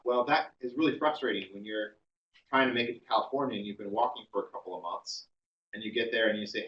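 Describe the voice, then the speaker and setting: A man's voice: fairly low pitch, quick pace, a bit bright, far from the mic, highs cut off. A man giving a classroom history lecture, telling the story conversationally with many ums and uhs.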